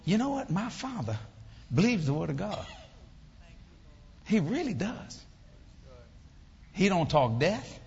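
A man, preaching as a lively, laughing storyteller in a church. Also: high voice, takes it slowly, gravelly, long pauses, breathy edge. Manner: animated, laughing, folksy storyteller. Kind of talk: humorous storytelling sermon. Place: church sanctuary. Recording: echoey church hall, slightly dull.

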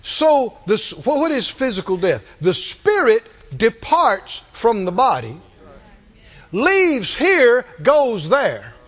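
Slow high-voiced preacher, muffled recording. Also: male voice, wildly swooping pitch. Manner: slow, emphatic preaching that rises to high shouted refrains. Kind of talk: sermon.

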